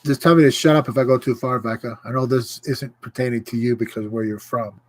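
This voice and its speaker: A man hosting his own livestream, ranting with indignation and pausing to greet viewers. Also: medium pitch, fairly even intonation, low-quality recording. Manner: impassioned, indignant, greets viewers mid-rant. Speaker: livestream host. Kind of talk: casual livestream rant.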